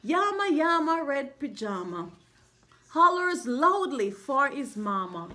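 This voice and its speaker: A mother reading a picture book aloud to her child in an expressive, sing-song way. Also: high voice, takes it slowly.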